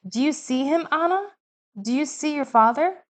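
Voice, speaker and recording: A woman's voice: sits high, animated, normal speed, voice pushed up. A woman reading aloud the lines of an eager Cuban mother devoted to the revolution. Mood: insistent. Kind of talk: audiobook reading.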